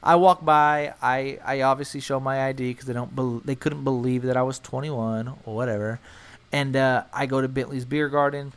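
A young man in his twenties from San Antonio, Texas, telling a wild story in casual, profane chat, jumping into loud, high quoted voices. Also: fairly even intonation, normal speed, clean tone.

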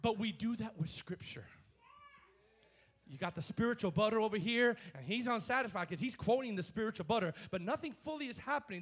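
A man preaching a sermon in a church, energetic and animated, repeating words and acting out scripture quotes. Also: high-pitched. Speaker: pastor.

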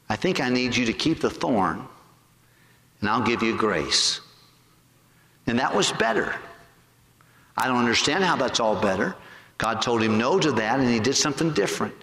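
A man preaches a sermon in a church sanctuary, his voice pitched in an ordinary middle range. He puts rhetorical questions to the congregation and slows down to draw out key words. The sound echoes around the big room, with a long reverb tail behind every phrase. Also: lively intonation, a bit bright. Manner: stretches key words slowly for emphasis. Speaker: pastor.

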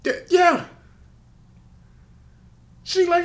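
A man's voice: extremely high pitch, fairly even intonation, a little slow, a bit bright. An older man telling a story in casual podcast chat, profane and laughing often. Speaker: podcast co-host.

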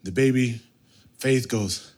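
A man in his thirties, a pastor preaching a sermon and telling a family story with animated, sudden shifts between loud and soft. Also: mid-range voice, slow pace.

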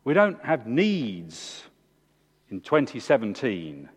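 A man, preaching a sermon in a church with emphatic, animated delivery. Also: slow pace, husky. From England. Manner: animated, emphatic preaching with big swings in pitch. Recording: long hall reverb.

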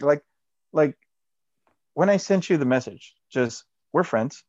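A man's voice: mid-range voice, expressive, unhurried, darkish tone, no room sound. A man in loose, casual conversation who rambles and swears freely. His voice sits in a middle range and comes through dry, with little room sound, and a bit dull and lo-fi. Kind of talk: casual chat.

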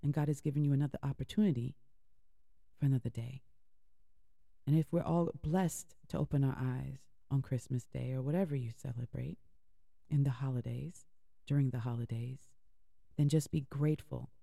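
A woman radio host speaks in an earnest, heartfelt way, repeating lines for emphasis as she encourages her listeners. Her voice has a gravelly edge and a mellow, dark tone. It is recorded close and dry. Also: very deep voice, a little fast, no room sound. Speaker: internet radio show host. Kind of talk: inspirational talk between music.

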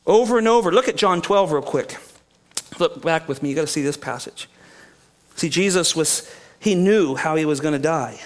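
A man's voice: fairly high pitch, normal speed. A male pastor preaching an expository sermon, acting out the people he quotes and often restarting his sentences. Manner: animated, acts out quoted speakers, frequent restarts.

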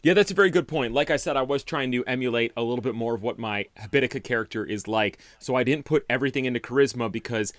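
A man co-hosting a podcast, telling game scenarios in an animated way and teasing his partner. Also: medium pitch, fast talker, few pauses, no echo, studio quality. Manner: animated storyteller, wry teasing. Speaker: podcast co-host. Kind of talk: casual chat about tabletop game scenarios.

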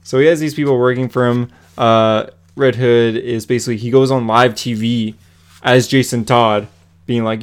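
A podcast co-host recaps a comic book plot in loose, casual chat, rambling on with plenty of "uh" and "like" and laughing as he retells it. His voice is medium-pitched, steady and clean, at normal speed.

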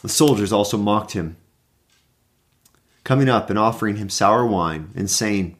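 A man teaching through a Bible passage in an earnest, animated way, reading scripture aloud and stopping to explain it. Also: on the low side, a little slow, pauses often. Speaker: pastor.

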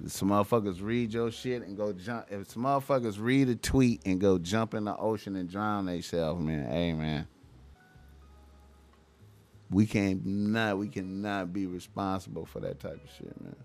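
Young guy w/ aave rambling and cussing, lowish voice, faint music behind him. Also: a little mellow. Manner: rambling, profane, repeats himself with lots of "man". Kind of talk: casual rant to camera.

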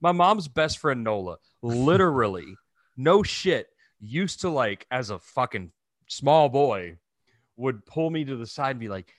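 Man, thirties, slight twang, casual podcast chat, animated pitch, slow delivery. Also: dry recording, studio quality. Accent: slight Southern twang. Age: 30s. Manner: drawling, profane, joking. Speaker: podcast co-host.

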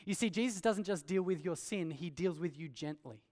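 A man's voice: high-pitched, normal speed, darkish tone. A man preaching an earnest sermon, asking rhetorical questions and pressing his points with emphasis. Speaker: pastor. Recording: long hall reverb.

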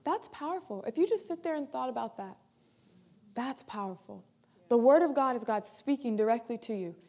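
A woman pastor preaching a sermon with emphasis, repeating key phrases and moving between loud and soft delivery. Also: fairly high pitch, animated, moderate pace.

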